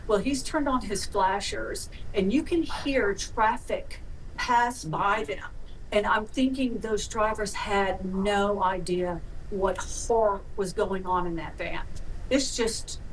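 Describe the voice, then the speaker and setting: A woman commentator recounts courtroom evidence in an earnest, steady voice. She is heard from a distance in replayed broadcast audio, with faint background noise underneath. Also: mid-range voice, takes it slowly. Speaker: trial commentator.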